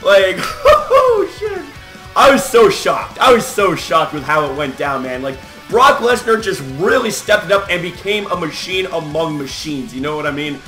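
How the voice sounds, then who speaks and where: A young man with a high, bright voice reacts to wrestling results in a fast, profane, fired-up rant. He leans on "like" and "man" as he talks. The room adds a noticeable echo, and faint music plays underneath. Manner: animated, profane, hyped, repeats "like" and "man". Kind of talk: casual excited reaction rant.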